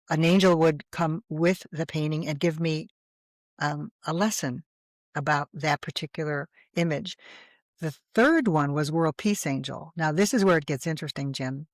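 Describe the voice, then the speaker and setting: A woman guest in an interview, telling her personal story in a lively, animated way. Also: deep voice, no room sound.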